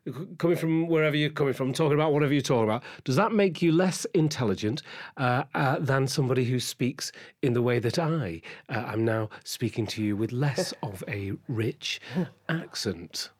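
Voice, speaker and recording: A man's voice: medium pitch, lively intonation, normal speed. Thoughtful male radio host. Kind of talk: radio interview.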